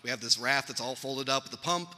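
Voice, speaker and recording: Eulogy read: man, very bright tone, rambling and anecdotal, long hall reverb. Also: mid-range voice, brisk. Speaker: family member giving a eulogy. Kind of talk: funeral eulogy storytelling. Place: funeral venue hall.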